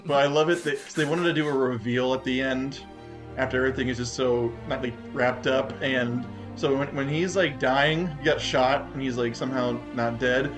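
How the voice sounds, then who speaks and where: A man's voice: medium pitch, fairly even intonation, moderate pace, music in the background. A man co-hosting a movie podcast, recapping scenes in a rambling way and restarting his sentences. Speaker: podcast co-host. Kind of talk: casual movie-review chat.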